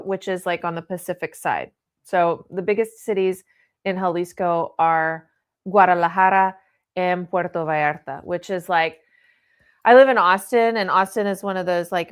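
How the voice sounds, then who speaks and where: A woman's voice: on the low side, clean tone. A woman hosting a legal show, giving casual, candid news commentary with laughing asides and lots of fillers. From United States. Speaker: immigration law show host. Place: home or office studio in Austin.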